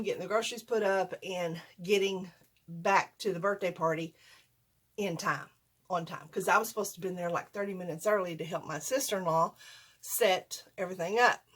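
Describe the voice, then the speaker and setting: A woman's voice: medium pitch, steady tone, fairly quick, fairly bright tone. Folksy older woman, rambling, self-deprecating storytime vlogger. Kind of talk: casual storytime.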